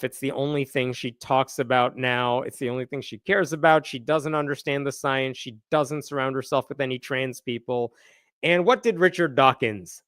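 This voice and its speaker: A man's voice: mid-range voice, fairly bright tone, clear, resonant tone, no echo. A man hosting a live news commentary show, blunt and sarcastic, talking close to a desk mic. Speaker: host.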